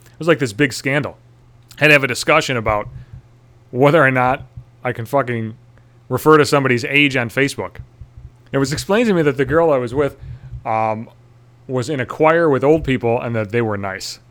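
A man's voice: mid-range voice, a little fast, long pauses, fairly bright tone. A young man telling a comic story as an exasperated, profanity-heavy rant. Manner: swearing, exasperated.

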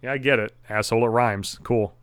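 A man's voice: medium pitch, steady tone, a little fast, a bit bright, clean tone, no room sound, studio quality. A man hosting his own podcast, ranting at home with constant swearing and exasperation. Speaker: podcast host. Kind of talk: profane comedic rant.

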